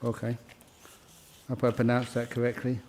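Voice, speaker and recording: A man leads a ceremony, calling out names one by one and chatting with each person he welcomes. His delivery is slow and unhurried, and his voice has a dark, mellow tone. He often laughs lightly between names. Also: mid-range voice, monotone. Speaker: monk leading a ceremony. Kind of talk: reading names and welcoming new members. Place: meditation hall.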